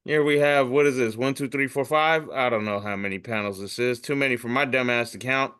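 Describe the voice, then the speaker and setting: A comedian hosts a podcast, reading memes aloud in a loose, profane, jokey manner. His voice is medium-pitched, smooth and a bit bright, with a brisk pace.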